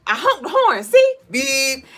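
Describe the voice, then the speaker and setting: A woman imitating a loud, bossy, domineering woman from a comedy film, speaking in a brash, shrill, scolding voice. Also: big pitch swings, a little slow.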